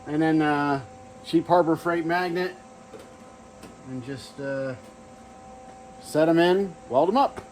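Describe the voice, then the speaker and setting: A man's voice: a little high, slow pace, long pauses, a little mellow, a little hiss or hum, rough recording. A man casually narrating his truck build in a home garage, offhand and thinking aloud with fillers. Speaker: garage vlogger.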